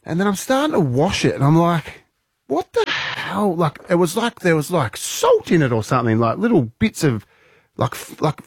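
A man's voice: fairly high pitch, big pitch swings, brisk, husky, no room sound, clean studio sound. A young Australian man hosting a casual radio show, telling rambling stories and laughing often. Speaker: radio host. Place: radio studio.

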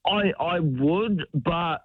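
A man's voice: a little high, extremely slow, breathy edge, no room sound. A man from New Zealand calling in to a radio show, telling stories in a casual, easygoing way. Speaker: caller. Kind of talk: phone-in chat. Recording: tinny phone line.

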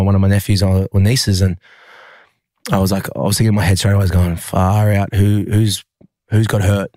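Australian man, very deep voice, halting, fillers and restarts, dry recording. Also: mellow, no room sound. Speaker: rugby league player. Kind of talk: emotional personal story in an interview.

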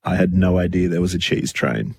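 Husky, expressive man. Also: sits low, dry recording, studio quality. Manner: quick, laughing, exaggerated comic asides. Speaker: radio co-host. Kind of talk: casual banter on a radio show.

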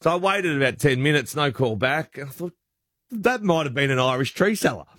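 Rambling Australian radio host, dry studio. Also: male voice, a little high, animated, fairly quick, fairly bright tone, dry recording. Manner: rambling, self-interrupting anecdote teller. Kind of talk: casual radio chat, storytelling. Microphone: studio radio mic.

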